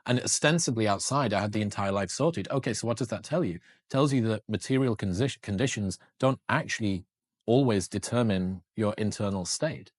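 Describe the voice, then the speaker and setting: Low-voiced man talking candidly. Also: brisk, no room sound, clean studio sound. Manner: candid and reflective, with occasional swearing. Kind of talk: casual podcast conversation.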